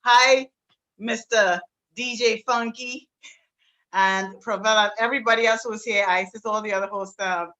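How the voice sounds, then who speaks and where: Bright-voiced Trinidadian woman guest. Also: a little high, fairly even intonation, moderate pace, muffled recording. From South Trinidad. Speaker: singer-songwriter and presenter. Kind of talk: guest speaking on an online show. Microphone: video call.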